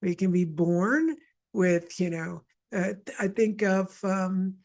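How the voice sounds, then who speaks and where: A woman from Montreal leads a guided wellness session. Her voice sits at a middle pitch, and she talks to listeners in a chatty, wandering way full of asides and restarts as she coaches them through breathing. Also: slow, darkish tone. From Montreal, Canada. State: mild asthma. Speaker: energy healer leading a session.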